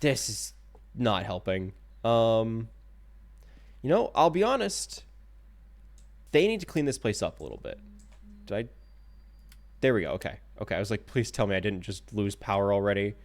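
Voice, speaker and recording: A man streaming a horror game live, talking to himself with jokey, animated commentary while keyboard clicks sound behind him. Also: fairly low pitch, moderate pace, pauses often.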